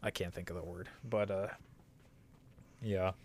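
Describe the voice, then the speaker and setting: A young man in casual podcast chat, talking in a thoughtful, measured way and pausing to search for words. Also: low-pitched, fairly even intonation, background noise.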